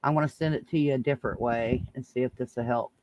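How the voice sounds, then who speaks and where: A woman's voice: very deep voice, steady tone, fast, a little mellow. A woman from the Southern United States with a strong Southern country accent, talking bluntly and swearing in a casual group voice chat.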